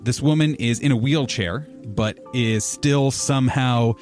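A man narrating as game master of a tabletop game, describing scenes in a relaxed, rambling way with fillers. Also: medium pitch, unhurried, soft background music.

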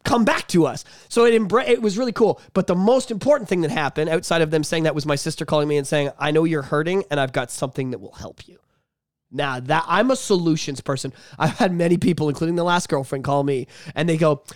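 A man co-hosting a casual podcast, talking in a profane, animated way and laughing often. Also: a little high, fast talker, few pauses, dry recording. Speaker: podcast co-host.

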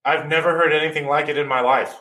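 A man's voice: fairly high pitch, fairly even intonation, fast, sharp tone. A man, a former rugby player, ranting animatedly as a guest on a casual podcast. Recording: echoey room, distant from mic, faint noise.

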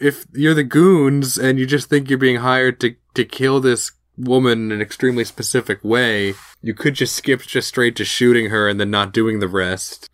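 A man's voice: mid-range voice, fairly bright tone, dry recording. A man co-hosting a podcast, recapping an episode in casual chat with lots of fillers and restarts. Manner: rambling, full of fillers and restarts. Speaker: podcast co-host.

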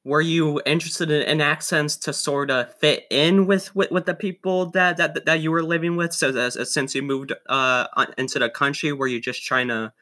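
A man's voice: a little high, flat delivery, normal speed, hardly any pauses, sharp tone. A man hosting a podcast, asking casual interview questions with stammering restarts. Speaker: podcast host.

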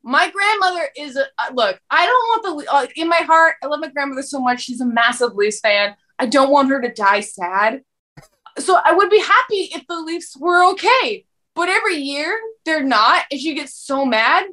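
A woman's voice: sits high, expressive, normal speed, sharp tone. A young woman co-hosting a casual chat, talking in a rambling, jokey way and acting out quotes.

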